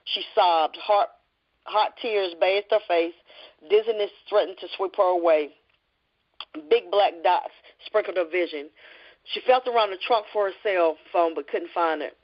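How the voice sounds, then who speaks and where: Woman author, lo-fi audio. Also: on the low side. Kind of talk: reading her novel aloud and interview chat. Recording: lo-fi podcast audio.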